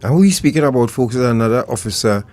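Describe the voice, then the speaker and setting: A man's voice: medium pitch, lively intonation, fast talker, darkish tone. A man hosting an interview, often affirming his guests and prompting them with questions. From Trinidad and Tobago. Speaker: show host.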